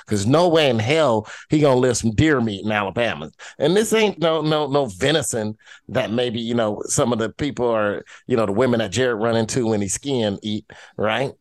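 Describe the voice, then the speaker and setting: A man co-hosting a podcast, telling a story in casual, profane talk, jumping into higher voices to quote people. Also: dry recording. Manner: animated storytelling, profane, swings into high mimicking voices. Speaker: podcast co-host. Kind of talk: casual chat.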